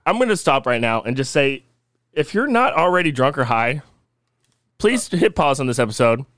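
Teasing man with a lively voice. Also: mid-range voice, normal speed, no room sound, studio quality. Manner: teasing, mock-serious, deadpan delivery of absurd claims. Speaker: podcast co-host presenting conspiracy theories. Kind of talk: casual comedic podcast chat.

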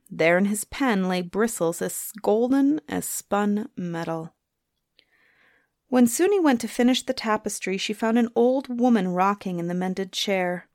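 A woman telling a folktale aloud in a lilting, expressive way, letting line endings trail off softly. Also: mid-range voice, no echo, clean studio sound. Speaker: storyteller. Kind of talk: folktale storytelling.

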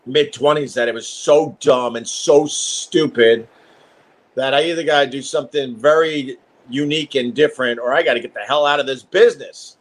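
A middle-aged male host chatting on a live stream from his home. He rambles along in a slightly higher voice than most men, salty and wired. His talk is loose and profane. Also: fairly bright tone. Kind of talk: casual live-stream chat.

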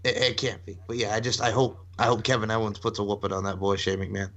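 A man casually chatting as podcast co-host, excitable and swearing. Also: fairly low pitch. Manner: fast, excitable, profane. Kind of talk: casual chat.

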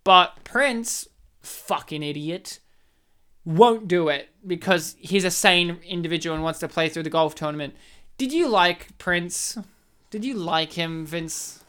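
A woman chatting casually on a podcast, retelling a film plot with animated energy and sudden loud outbursts. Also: fairly low pitch, a little slow, clean tone. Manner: animated storyteller, acts out characters with loud outbursts.

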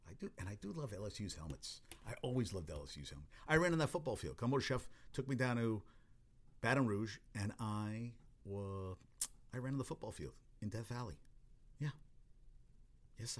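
A man giving casual, rambling sports talk, full of cursing, restarts and exclamations. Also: medium pitch.

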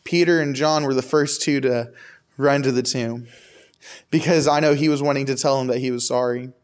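A young man with a medium-pitched, steady voice delivers a casual, conversational sermon to a youth group at a moderate pace. He keeps turning to the crowd with repeated "I can tell you" asides.

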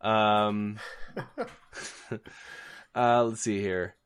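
A man's voice: fairly low pitch, fairly even intonation, extremely slow, a bit bright, smooth, highs cut off. A man co-hosting a podcast in casual chat, joking loosely with many restarts and fillers. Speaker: podcast co-host.

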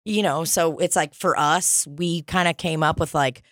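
A woman comedian chatting casually on a podcast, telling profane, animated stories. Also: low-pitched, moderate pace, dry recording, studio quality.

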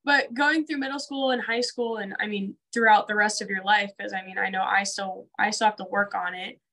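A woman's voice: medium pitch, fairly even intonation, brisk, pushed and bright, low-quality recording. A woman co-hosting a casual conversation, talking earnestly with lots of "like" fillers. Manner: earnest, filler-heavy with frequent "like". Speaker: co-host.

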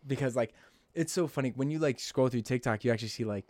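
A young man co-hosting a casual podcast, chatty and quick to laugh and swear. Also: medium pitch, darkish tone, dry recording, clean studio sound. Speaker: podcast co-host.

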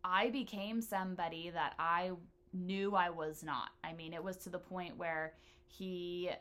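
Woman, host, casual chat, blunt, profane, bright forceful voice. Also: fairly low pitch, steady tone, measured pace.

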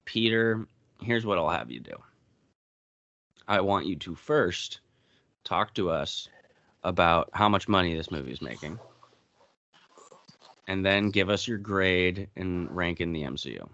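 A man's voice: low-pitched, expressive, unhurried, pauses often, sharp tone, no room sound, lo-fi sound. A man hosting a podcast in casual chat, laid-back and steering the conversation. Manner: laid-back, leads the segment and hands off questions. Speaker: podcast host.

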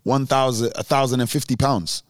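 A man's voice: mid-range voice, fairly even intonation, moderate pace, no room sound, clean studio sound. A young man, telling a story on a casual podcast and acting out other people's voices. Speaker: podcast co-host.

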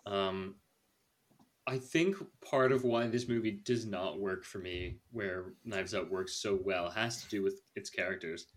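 Young man, podcast host, casual film chat, chatty and lively. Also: sits low, a little slow. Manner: chatty and animated, laughs often. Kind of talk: casual movie review chat.

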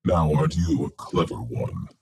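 A man voicing a stern red robot devil who speaks in a deep, droning android voice. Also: level tone, breathy edge, full character voice. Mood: menacing. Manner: slow, commanding decrees.

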